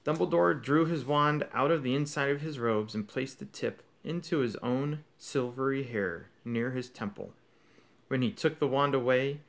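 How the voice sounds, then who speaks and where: A man's voice: medium pitch, a bit bright. A man reading a novel aloud as an audiobook, telling the story expressively. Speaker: audiobook reader.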